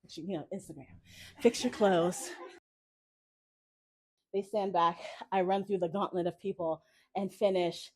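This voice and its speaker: Speaking fairly quickly in a lowish voice, a woman shares a personal story with a live audience at a cafe event. She is expressive and laughs often along the way.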